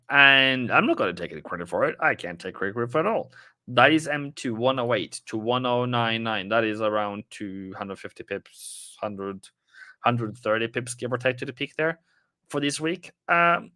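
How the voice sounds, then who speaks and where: A man's voice: mid-range voice, animated, normal speed, bright, forceful tone, dry recording, studio quality. A man casually commenting on a live trading stream, rambling and chatting with viewers as he goes through the charts.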